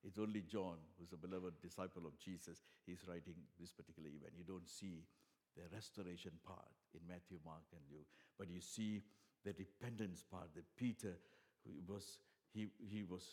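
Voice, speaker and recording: A man preaching a sermon, earnest, with many fillers and restarts, dropping soft and then rising loud for emphasis. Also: deep voice, normal speed.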